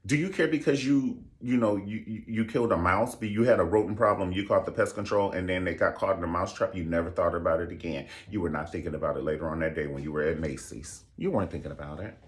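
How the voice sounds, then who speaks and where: A young man vlogging casual commentary in a sassy, expressive way, swearing freely. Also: low-pitched, quick pace, few pauses.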